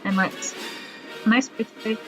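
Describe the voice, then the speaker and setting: A woman's voice: on the high side, steady tone, normal speed, music in the background. A woman giving casual gameplay commentary, chatty and jokey, laughing often as she plays. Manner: chatty, laughs often, jokes about the game. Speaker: let's play gamer. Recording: slightly muffled lo-fi audio.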